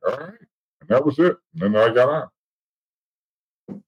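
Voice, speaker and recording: A man's voice: mid-range voice, normal speed, long pauses, breathy edge, rough recording. A man telling a story bluntly with lots of swearing, acting out what others said, as an interview guest. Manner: blunt, profane, acts out other people's lines. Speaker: interview guest, former police officer and informant.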